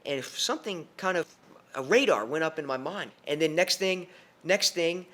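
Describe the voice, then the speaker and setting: A young man tells a personal story on a podcast, in an animated way and with many restarts. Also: fairly high pitch, moderate pace.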